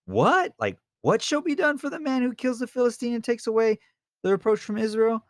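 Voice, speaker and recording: A man's voice: a little high, fast, no echo, studio quality, voice pushed up, close to an everyday voice. A man voicing a young shepherd full of bold faith, exclaiming in shocked disbelief. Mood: incredulous. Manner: excited, incredulous exclaiming.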